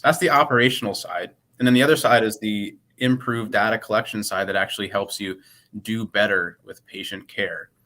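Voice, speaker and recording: A man who works as a pharmacist and company head, giving measured, explanatory answers in a casual interview. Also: lowish voice, sharp tone.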